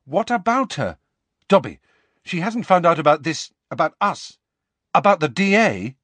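A man's voice: a little high, big pitch swings, moderate pace, a bit bright, dry recording, pitched above the performer's own voice. A man reading an audiobook voices an earnest teenage boy wizard who grows urgent and commanding.

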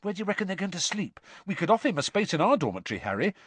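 A man's voice: high voice, very animated, husky, no room sound, voice pushed up, heavily acted. Ron Weasley, starstruck teen boy, as a man reads him. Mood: scornful. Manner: eager, gushing, quick to scorn. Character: excitable starstruck teenage boy wizard.

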